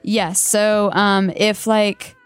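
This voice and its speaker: A woman's voice: mid-range voice, flat delivery, clear, resonant tone, no room sound, faint music behind. A young woman who works as a college radio DJ, chatting casually in the studio and stumbling through lots of likes and fillers. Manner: filler-heavy, halting with many likes. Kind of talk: casual chat. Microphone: studio microphone.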